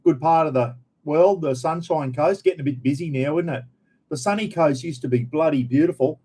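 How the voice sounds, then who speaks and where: A man's voice: on the high side, brisk, warm tone, breathy edge. A middle-aged Australian man hosting a casual live chat, rambling and friendly, calling everyone mate as he greets viewers. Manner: rambling, chatty, frequent "bloody" and "mate". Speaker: livestream host.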